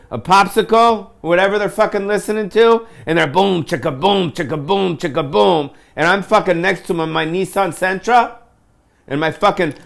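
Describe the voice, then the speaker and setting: A comedian man rants to camera in a gravelly voice that sits a touch high. He swears freely, pities himself and talks in loose surfer-dude slang. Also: fairly bright tone. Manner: profane, self-pitying, ranting.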